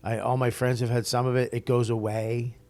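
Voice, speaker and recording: A man's voice: mid-range voice, a little fast. A man telling stories as a comic guest in a casual interview, swearing freely and acting out what others said. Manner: profane, animated storyteller who acts out quotes.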